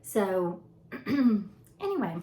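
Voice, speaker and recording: A woman's voice: mid-range voice, big pitch swings, drawn-out words, dark tone. A woman in her forties chatting to camera, rambling and laughing as she tells a story about her kids. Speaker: vlogger and mother. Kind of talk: casual chat to camera. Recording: echoey room with faint noise.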